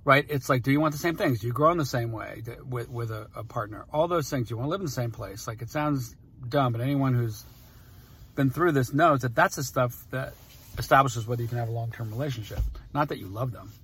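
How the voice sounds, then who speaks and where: A man's voice: mid-range voice, brisk, a bit bright, breathy edge. A man in his forties rambling through personal stories in casual talk, emotional and often cutting himself off. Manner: rambling, emotional, self-interrupting.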